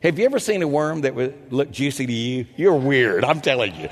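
An older man preaching a storytelling sermon, animated and self-mocking, with a husky voice. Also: a little fast. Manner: animated, self-mocking, jumps into loud high quoted voices. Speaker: pastor. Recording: echoey hall.

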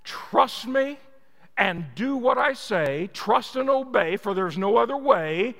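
A man voicing a seasoned male professional hunter who gives calm, firm instructions. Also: very high voice, takes it slowly, gravelly, big-room sound, pitched above the performer's own voice, heavily acted.

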